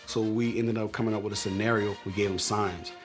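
A young man telling his story in a relaxed, slangy, animated way. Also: lowish voice, fairly quick, over loud music. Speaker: viral comedian. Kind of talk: casual storytelling interview.

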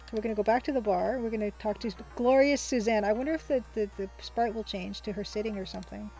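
A woman's voice: medium pitch, fast talker, dark tone, soft background music, rough recording. A woman hosting a let's play, chatting casually, reading the game's text aloud and laughing often. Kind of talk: casual gameplay commentary.

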